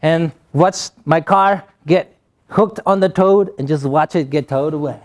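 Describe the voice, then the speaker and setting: Youth motivational speaker, young man, high pitch, Guatemalan accent, storytelling and playful. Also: unhurried. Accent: Guatemalan Spanish. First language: Spanish. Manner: joking storyteller, acts out voices.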